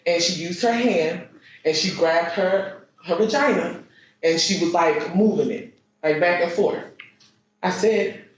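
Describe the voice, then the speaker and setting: A woman giving courtroom testimony, halting and repeating herself with many fillers. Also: lowish voice. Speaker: witness. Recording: echoey muffled courtroom stream.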